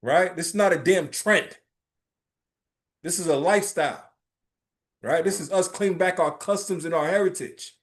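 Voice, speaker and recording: A man teaching a religious class in an informal, emphatic preaching style, often checking in with "right?" and telling lively, streetwise stories. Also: sits high, normal speed, long pauses. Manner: emphatic, keeps asking "right?".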